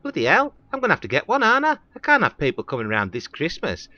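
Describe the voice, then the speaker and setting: Man putting on a squeaky, gossipy Northern English housewife, high and bright, lively, dull lo-fi sound. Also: quick pace, no room sound, full character voice. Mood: fretting. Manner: chatty, fussy, squeaky high exclamations. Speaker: comic puppet performer. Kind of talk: comedy sketch. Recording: dull lo-fi recording.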